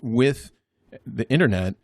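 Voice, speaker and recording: A man's voice: mid-range voice, animated, slow, creaky, no echo. A man co-hosting a podcast, easygoing and self-deprecating, laughing along with his partner. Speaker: podcast co-host. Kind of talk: casual chat.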